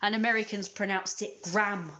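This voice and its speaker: A woman's voice: medium pitch, moderate pace, a bit bright. A British woman talking straight to her viewers in a passionate, blunt, exasperated way. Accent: British English. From Britain. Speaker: YouTuber. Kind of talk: casual rant to camera.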